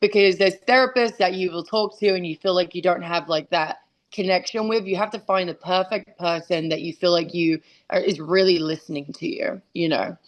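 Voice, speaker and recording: A woman's voice: on the low side, normal speed. A woman, a guest talking candidly and casually, full of fillers and restarts, over a video call. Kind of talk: casual interview chat.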